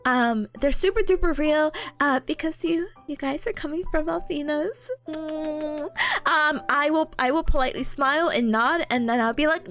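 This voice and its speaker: Very high-pitched giggly woman streamer. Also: lively intonation, normal speed, fairly bright tone, soft background music. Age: young adult. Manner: bubbly, giggly, rambling. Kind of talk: casual livestream chat.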